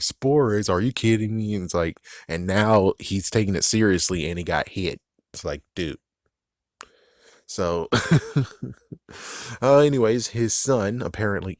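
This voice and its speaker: Low-voiced man rambling through a review. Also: dry recording, clean studio sound. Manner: rambling, chuckling often, full of "it's like" asides. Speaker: TV episode reviewer. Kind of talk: casual spoken episode review.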